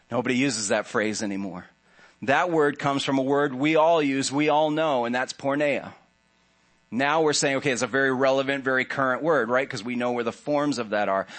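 A pastor with a medium-pitched, fairly bright voice delivers a sermon in a church sanctuary. His preaching is conversational, sprinkled with joking asides to the congregation.

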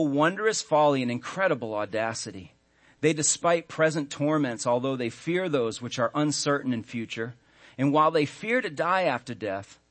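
A man in his thirties, a pastor preaching a sermon earnestly, stressing key words and slowing down when he reads scripture. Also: mid-range voice, a bit bright.

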